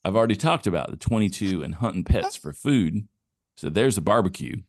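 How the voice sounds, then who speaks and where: Very deep, lively-voiced male podcaster. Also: fairly quick, dry recording, clean studio sound. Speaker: podcast co-host. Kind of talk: casual comedic chat.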